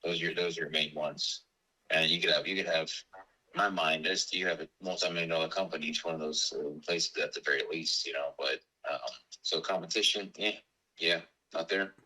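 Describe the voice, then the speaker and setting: A man's voice: rumbling low, steady tone, brisk, sharp tone, poor audio. A man in his forties who owns a business, talking in a rambling way with lots of fillers and restarts. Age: 40s. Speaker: business owner selling his company. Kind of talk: casual business call.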